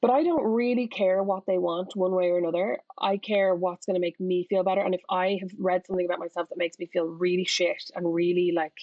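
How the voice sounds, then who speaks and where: A woman's voice: on the low side, steady tone, brisk, few pauses, dry recording. A woman author speaking as a podcast guest, candid and reflective, often restarting her sentences. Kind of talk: casual conversational interview. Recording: dull, lo-fi audio.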